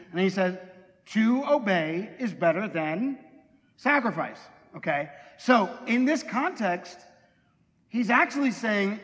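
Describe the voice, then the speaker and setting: A man's voice: sits high, fairly bright tone. A middle-aged man preaching a sermon in a conversational, joking way, putting questions to his congregation. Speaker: pastor. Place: church hall. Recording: long hall reverb.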